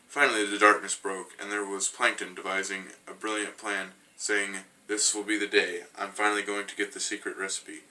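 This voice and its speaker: A man with a low, flat voice reads his own creepy story aloud, often restarting a word. He sounds set back from the microphone, and loud music plays under him throughout. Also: recorded from a distance, poor audio. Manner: narrates in first person, with frequent restarts. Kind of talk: reading a self-written creepy story.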